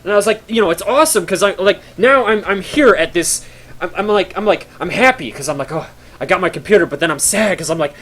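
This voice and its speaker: A man's voice: high voice, expressive, a little fast, fairly bright tone. A young man telling a story casually to his stream chat, with rambling fillers and mock-horror drama.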